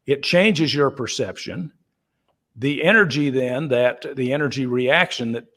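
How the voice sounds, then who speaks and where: A man at a middling pitch talks things through in a relaxed, chatty way on a call. He stops and restarts his sentences and leans on "uh" and "you know". He sounds like a founder explaining his product to listeners. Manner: easygoing and chatty, with frequent fillers and restarts; acts out everyday dialogue in the voices of the people in his examples. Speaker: company founder answering questions.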